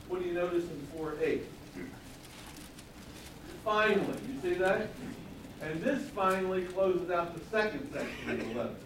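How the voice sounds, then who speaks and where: A man teaches a sermon in a chatty, questioning way, now and then rising into loud, emphatic repetition. His voice sits a little high. The recording is very echoey, with the speaker some distance from the mic in a church hall and faint noise behind him. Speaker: pastor.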